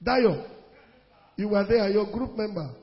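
A man with a Nigerian accent preaching a sermon as pastor, emphatic, repeating phrases and swinging between loud and hushed. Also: high-pitched, animated, unhurried. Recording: long hall reverb, dull lo-fi sound.

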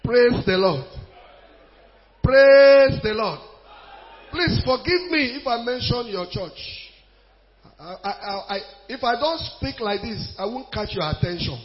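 Evangelist guy yelling his sermon, sing-songy, muffled old recording. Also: extremely high pitch, lively intonation, moderate pace. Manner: shouting, sing-song preaching with bursts of laughter. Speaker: evangelist preacher. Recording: dull lo-fi recording.

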